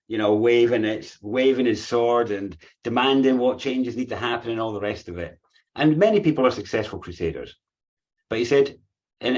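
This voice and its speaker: A man's voice: mid-range voice, darkish tone, dull audio. A man giving an earnest, reflective spiritual talk to a group, often repeating phrases as he thinks.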